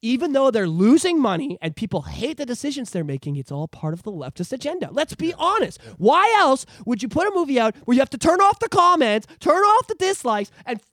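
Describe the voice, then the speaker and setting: A podcast co-host in casual chat, ranting with lots of swearing and animated outbursts, recorded on a podcast microphone. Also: high voice, fairly quick, few pauses, no echo, clean studio sound.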